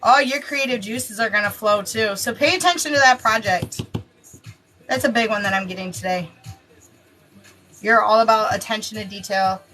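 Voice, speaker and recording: A woman reading horoscopes in a casual, chatty way, excitable and often exclaiming. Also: medium pitch, normal speed, long pauses, soft background music, rough recording. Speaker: tarot reader giving daily horoscopes.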